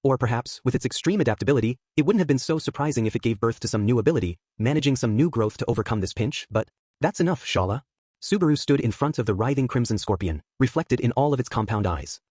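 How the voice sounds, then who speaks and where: A man narrating an audiobook in a steady storytelling manner. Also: mid-range voice, quick pace, few pauses, breathy edge, no room sound, studio quality. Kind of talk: scripted narration.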